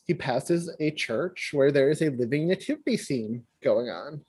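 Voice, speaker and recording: Husky animated man retelling with laughs. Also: mid-range voice, normal speed. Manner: laughs often while retelling, acts out quoted lines. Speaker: podcast co-host. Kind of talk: casual chat, retelling an episode.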